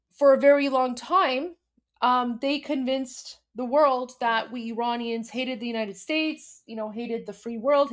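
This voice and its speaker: A woman from Iran hosts a live commentary stream. Her voice sits a little high, and she talks emphatically, repeating herself and restarting often with plenty of fillers. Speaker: host.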